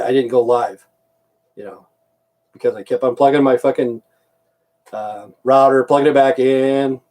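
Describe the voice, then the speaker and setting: A man's voice: medium pitch, warm tone. A middle-aged American man ranting angrily into the camera, swearing and repeating himself. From United States. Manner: profane, repetitive, heated. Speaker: vlogger. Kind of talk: angry ranting monologue.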